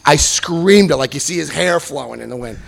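A middle-aged man giving a comic talk about his recovery, animated and breaking into loud acted-out quotes. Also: a little high, brisk, gravelly. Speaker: speaker sharing his recovery story.

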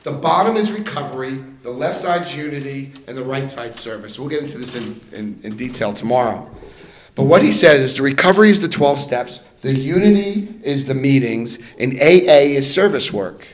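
A middle-aged man telling his recovery story to a room, animated, swinging between loud and soft and acting out voices. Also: mid-range voice, normal speed. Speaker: recovery speaker.

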